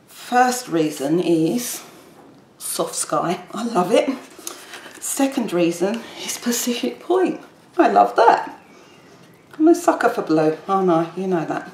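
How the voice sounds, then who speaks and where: A woman's voice: fairly low pitch, a little mellow. A woman chatting casually as she demonstrates a papercraft project, rambling while she works. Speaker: papercraft tutor. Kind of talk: casual crafting tutorial. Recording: echoey room with faint background noise.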